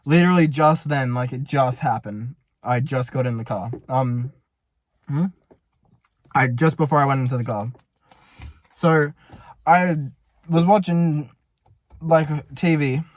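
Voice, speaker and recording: A man's voice: mid-range voice, unhurried, long pauses, no echo. A young man, rambling and panicky as he tells a story to camera from a parked car. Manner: panicky, rambling, swears a lot. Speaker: vlogger. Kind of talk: casual vlog storytelling.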